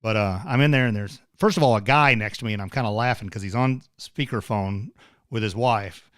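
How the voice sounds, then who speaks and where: A man's voice: lowish voice, brisk, a bit bright, clean tone, dry recording. Dry-sounding man chatting casually. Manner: chatty, laughs easily. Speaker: co-host. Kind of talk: casual live-stream chat.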